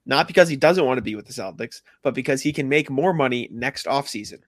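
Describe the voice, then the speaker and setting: A man's voice: medium pitch, expressive, fast, no echo, studio quality. A man co-hosting a casual sports podcast, chatty and often laughing. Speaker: podcast co-host.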